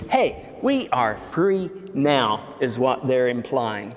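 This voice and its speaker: Slow, emphatic man preaching in reverb. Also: mid-range voice, sing-song. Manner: slow, emphatic preaching with rising stress on key words. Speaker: pastor. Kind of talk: sermon. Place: church sanctuary.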